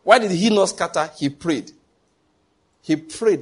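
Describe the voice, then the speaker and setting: A man's voice: high-pitched, lively intonation, a little slow, long pauses, slightly rough. A man preaching a sermon as pastor, emphatic, full of rhetorical questions and pidgin asides.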